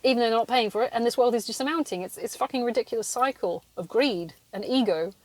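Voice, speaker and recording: A woman's voice: fairly high pitch, quick pace, darkish tone, no echo, rough recording. A woman hosting a solo podcast from her car, ranting in casual chat, swearing and laughing between points. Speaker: podcast host.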